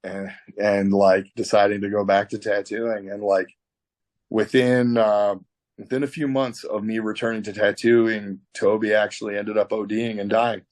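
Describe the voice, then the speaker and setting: A man's voice: lowish voice, normal speed, no echo. Middle-aged canadian guy telling a crazy story on a video call, swears a ton, dry close sound. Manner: animated storyteller, swears a lot, acts out quotes. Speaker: tattoo artist guest.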